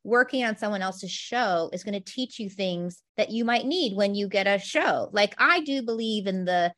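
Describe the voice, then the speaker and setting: A woman's voice: medium pitch, animated, normal speed, fairly bright tone. A woman hosting a conversation, reflecting back to her guest in an encouraging, thoughtful way. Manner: encouraging, reflective, many "like" fillers. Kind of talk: supportive conversational chat.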